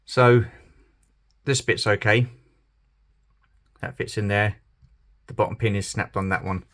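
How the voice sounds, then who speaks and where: A British man with a fairly low voice talks through a fiddly toy repair. He mutters and half-whispers, cursing under his breath as he works, in a relaxed hobby-channel manner. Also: measured pace. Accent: British English. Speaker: toy collector channel host. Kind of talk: casual commentary while repairing a toy.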